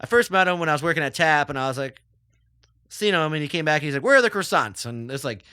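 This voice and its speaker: A man speaks in a loose, rambling way, packing his sentences with filler words as he chats about his work. His voice is bright and crisp. The recording is dry and close, with no room sound. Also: on the high side, fast talker, no echo. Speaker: chef guest. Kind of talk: casual interview talk.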